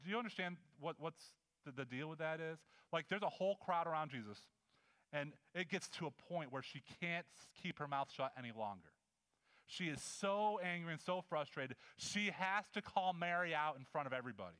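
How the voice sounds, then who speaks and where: A man preaching a sermon in a conversational, animated way, acting out the scenes he describes. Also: on the high side, brisk, smooth. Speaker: pastor.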